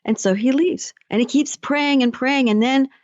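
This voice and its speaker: A woman's voice: high voice, moderate pace, a little mellow, dry recording, highs cut off. A woman life coach hosting a motivational podcast, speaking conversationally and telling stories. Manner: conversational, storytelling. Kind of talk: motivational solo podcast talk.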